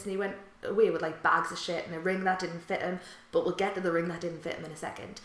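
A woman's voice: lowish voice, fairly even intonation, fast, hardly any pauses. A young woman, chatting and telling anecdotes as a podcast co-host, laughing often. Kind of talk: casual chat and anecdote. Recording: echoey room.

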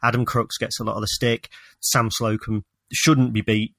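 Male co-host, mid pitch, dry home-office sound, opinionated, halting delivery. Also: flat delivery, fairly bright tone, no echo. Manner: opinionated, hesitant with restarts. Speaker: podcast co-host. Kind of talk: casual football chat.

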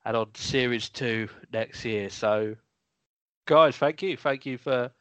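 A man co-hosting a podcast, speaking softly and earnestly in a halting, casual way. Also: mid-range voice, clean tone, no room sound. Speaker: podcast co-host. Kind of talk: casual chat.

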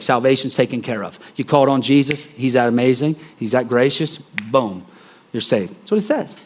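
A man's voice: mid-range voice, expressive, a little fast. A man preaching a sermon in a conversational way, often repeating words and checking in with the listeners. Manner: conversational, repeats phrases, acts out scenes.

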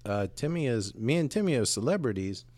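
A male podcast co-host telling rambling stories and teasing his partner in casual chat. His pitch swings up and down as he talks. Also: sing-song, a little fast, a little mellow.

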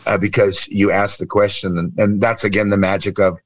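A man's voice: on the low side, flat delivery, normal speed, no room sound. A man in his fifties from California, telling stories animatedly with acted-out quotes as a guest on a video call interview. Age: 50s. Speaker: guest, improv trainer and speaker. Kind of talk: emotional interview talk.

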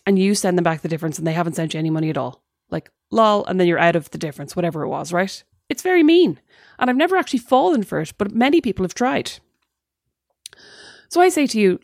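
A woman's voice: mid-range voice, fast, no echo. A woman co-hosting a casual podcast chat with her sister. She tells stories with lots of energy and mimics the people she quotes. The sound is dry and close. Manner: animated storytelling, mimicking others. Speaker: podcast co-host.

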